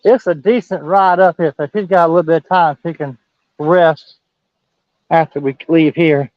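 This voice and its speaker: A man's voice: fairly high pitch, fairly even intonation, moderate pace, no room sound, highs cut off. A man casually chatting outdoors beside a stream, giving easygoing short replies. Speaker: host's husband, co-host. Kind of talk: casual chat. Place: outdoors by a waterfall.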